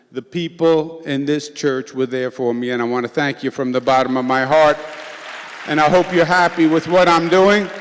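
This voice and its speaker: A man's voice: a little high, a little hiss or hum. A middle-aged man with a Queens New York accent, giving an informal, joking political speech to a church congregation. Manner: joking, conversational, with filler "uh"s. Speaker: governor speaking to a congregation. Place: large church sanctuary. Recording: long hall reverb, faint crowd.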